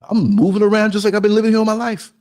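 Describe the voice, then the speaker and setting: A high-voiced man from New York speaks rapid-fire through a motivational podcast monologue. He's blunt and streetwise, telling stories with animation and acting out what people said.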